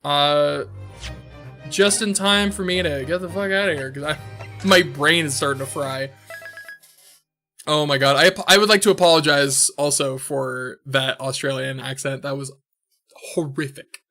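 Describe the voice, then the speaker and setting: Bright-voiced swearing game streamer. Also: male voice, a little high, fairly even intonation, measured pace, faint music behind. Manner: loose, swears a lot, jokey. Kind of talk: casual let's-play commentary with read-aloud game dialogue.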